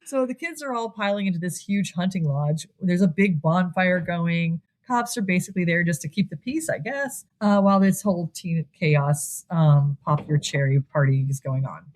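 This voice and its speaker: On a podcast, a woman with a slightly low voice chats through a casual movie recap. She retells it animatedly, slipping into quick put-on voices for each character and laughing often.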